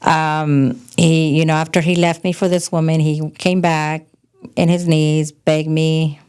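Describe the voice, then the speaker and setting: A middle-aged woman from California sits in as a podcast guest and tells frank, animated stories from her past. Her voice sits a little low for a woman. She talks in a blunt, candid way. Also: a little slow, clear, resonant tone. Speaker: podcast guest, host's mother. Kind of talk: casual storytelling chat.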